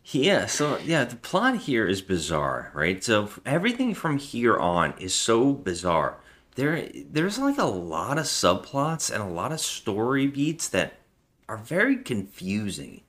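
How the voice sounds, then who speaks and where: A man's voice: medium pitch, wildly swooping pitch, measured pace, a bit bright. A man co-hosting a podcast, chatting casually and ramblingly while he reviews a movie. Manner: chatty, rambling, jokey impressions. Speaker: podcast co-host.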